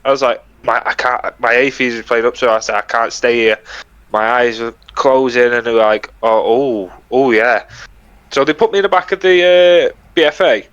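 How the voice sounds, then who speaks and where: A man's voice: mid-range voice, normal speed, fairly bright tone, clear, resonant tone, highs cut off. A young British man co-hosting a podcast, telling army stories in a casual, laughing, swearing way. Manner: laughing, swearing, acts out quoted lines. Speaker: podcast co-host. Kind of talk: casual storytelling chat.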